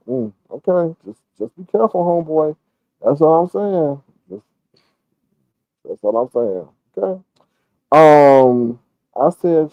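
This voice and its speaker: A man's voice: on the high side, lively intonation, a little slow, long pauses, warm tone, dry recording, rough recording. A man giving rambling, profane casual commentary on a livestream and answering chat.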